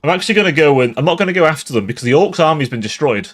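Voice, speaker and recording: A man's voice: on the high side, lively intonation, rapid-fire, soft background music. A tipsy man giving casual livestream commentary on a strategy game, swearing often and laughing between remarks. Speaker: game streamer.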